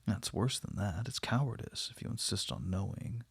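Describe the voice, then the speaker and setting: A man's voice: on the low side, normal speed, creaky, breathy edge, dry recording, full character voice. A man reading the part of an anguished young wife who pleads passionately. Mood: pained.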